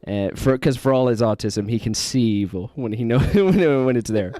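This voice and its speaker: A man co-hosting a podcast, telling a story in a casual, animated way. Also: mid-range voice, normal speed, dry recording. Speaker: podcast co-host.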